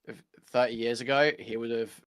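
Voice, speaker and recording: A man calling into a livestream, talking casually in a halting way with many repeated restarts. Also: medium pitch, steady tone, fairly bright tone, clean tone. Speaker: caller.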